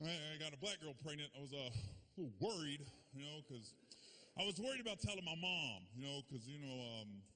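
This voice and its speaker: Brief: high-pitched male stand-up comic, conversational and rambling, club set. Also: expressive, brisk, pushed and bright. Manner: loose, conversational, peppered with "man" and "you know". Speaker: stand-up comedian. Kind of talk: stand-up comedy routine. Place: comedy club stage.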